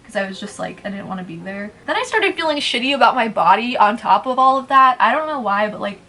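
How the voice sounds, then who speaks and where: A woman's voice: fairly high pitch, lively intonation, fast, pushed and bright. A woman in her twenties chatting casually at home while doing her makeup, rambling and blunt, swearing freely. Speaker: beauty vlogger. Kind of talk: casual get-ready-with-me chat.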